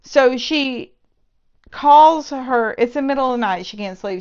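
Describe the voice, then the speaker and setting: A woman's voice: high-pitched, expressive, measured pace, darkish tone, highs cut off. A woman giving a casual book review, sarcastic and exasperated as she picks apart plot holes.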